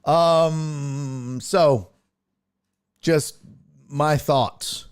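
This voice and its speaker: A man's voice: fairly high pitch, fairly even intonation, very slow, clean tone. A man hosting a sports talk show, chatting casually and thinking aloud as he reacts to the news.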